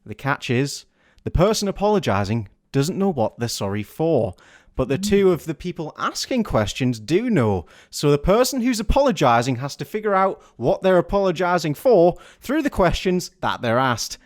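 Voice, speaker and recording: Man, animated pitch, dry close mic, playful mock-announcer, casual podcast. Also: normal speed, no room sound. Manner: playful game-show announcing. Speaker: podcast co-host. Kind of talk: casual chat.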